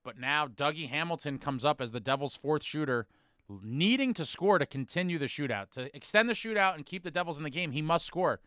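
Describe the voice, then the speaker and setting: A man hosting a hockey fan podcast, recapping a game with animated storytelling. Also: a little high, fairly quick, no echo, clean studio sound. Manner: animated storytelling, bursts into shouted chants when reliving moments.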